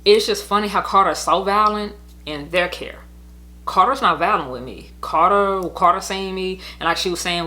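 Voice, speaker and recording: A woman's voice: on the low side, normal speed, pushed and bright. A young woman telling her custody story in a casual storytime monologue, blunt, heated and profane, rambling as she goes.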